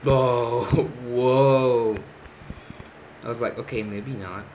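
A man talking to himself as he plays a horror game, excitable, repeating words and calling out what he finds. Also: medium pitch, very slow, slight background noise. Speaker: gamer. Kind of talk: let's play commentary.

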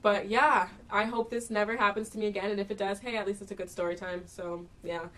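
A woman's voice: medium pitch, a little fast, distant mic. Chatty young woman telling a story. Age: young adult. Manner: chatty, animated retelling with quoted dialogue. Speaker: vlogger. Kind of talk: casual storytime vlog.

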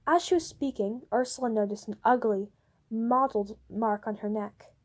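Female audiobook narrator, steady and even, slightly high voice. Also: moderate pace. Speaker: audiobook reader. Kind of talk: storybook narration.

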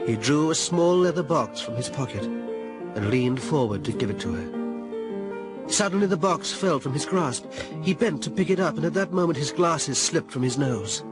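A man narrating a romantic story in a gentle, expressive reading voice. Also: fairly high pitch, moderate pace, loud music behind the voice.

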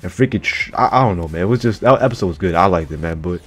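A man's voice: low voice, animated, fast talker, breathy edge. A man casually reacting to an anime chapter, slangy and profane, who keeps blurting out exclamations.

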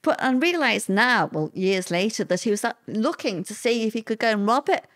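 A woman's voice: on the high side, a little fast. Woman telling her story. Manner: conversational, repeats words, lively quoted voices. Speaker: interview guest. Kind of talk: personal storytelling in an interview.

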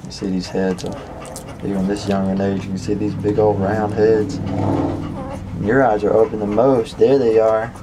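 A man's voice: on the low side, level tone, moderate pace. A man breeding dogs, giving a casual home video update in an easygoing, folksy way and chatting to the dogs between remarks. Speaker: dog breeder. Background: dogs and household noise.

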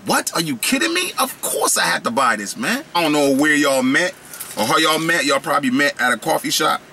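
Brief: male snack vlogger, loose and slangy, sharp bright tone, slightly raised pitch. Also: sing-song, fairly quick, a little hiss or hum. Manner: slangy, playful, riffs and rambles. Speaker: snack reviewer. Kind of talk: casual snack review vlog.

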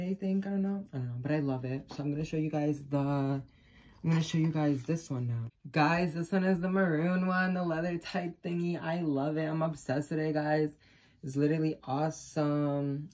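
A young adult vlogger chatting through an unboxing, excitable and gushing, swearing freely and breaking into delighted squeals. The voice sits at a middling pitch. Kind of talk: casual unboxing vlog.

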